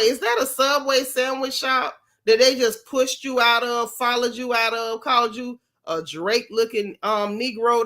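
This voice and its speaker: Florida lady spilling gossip, mocking and sarcastic, kinda high voice. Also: a bit bright. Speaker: gossip vlog host. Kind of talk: casual gossip commentary.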